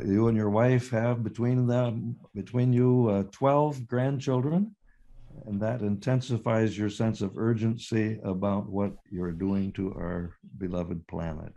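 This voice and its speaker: A male host with a mellow, relaxed voice introduces a guest. He hesitates often and fills pauses with ums and uhs. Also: lowish voice. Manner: hesitant, with many fillers.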